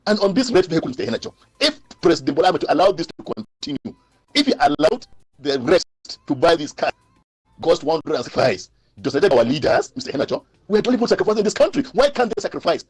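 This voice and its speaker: A Nigerian man calling a radio talk show, ranting with indignation and rhetorical questions, in a husky voice. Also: fairly high pitch, very animated, fast, no room sound. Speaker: radio caller. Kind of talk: impassioned call-in rant.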